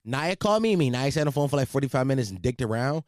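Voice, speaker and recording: A young man hosting his own podcast, talking in a loud, profane and rambling way from home at night. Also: medium pitch, very animated, very fast, no echo, clean studio sound. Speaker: podcast host. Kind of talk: casual solo podcast chat.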